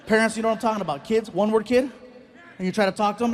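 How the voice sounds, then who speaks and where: A man in his forties telling animated, punchy stand-up stories on stage into a handheld mic. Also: high voice, racing, slight background noise. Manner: animated, punchy, acts out characters. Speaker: stand-up comedian. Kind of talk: stand-up comedy storytelling. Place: stage before a live audience.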